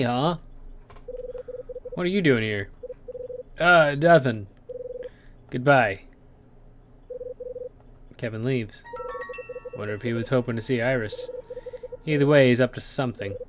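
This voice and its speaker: A tired let's play host, musing aloud in a low-key voice while playing a detective game. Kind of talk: casual game commentary.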